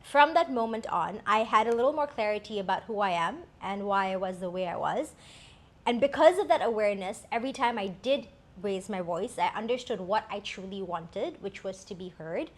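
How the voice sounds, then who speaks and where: A woman's voice: medium pitch, expressive, moderate pace. A woman co-hosting a talk show, telling a personal story in a candid, reflective way with many fillers. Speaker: co-host.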